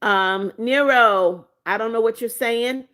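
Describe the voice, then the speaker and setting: A woman's voice: fairly high pitch, takes it slowly, fairly bright tone. Playful woman in her seventies. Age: 70s. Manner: playful, teasing, frequent laughs. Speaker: livestream host. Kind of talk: casual livestream chat, reading viewer comments aloud.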